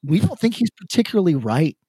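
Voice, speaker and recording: A man co-hosting a podcast, animated and profane, laughing often in casual chat. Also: on the high side, a little fast, slightly rough, no room sound, clean studio sound. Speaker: podcast co-host.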